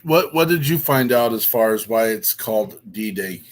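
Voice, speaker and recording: A man's voice: mid-range voice, lively intonation, moderate pace. A man hosting a casual show, enthusiastic and rambling, with many ums and uhs. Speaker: podcast host.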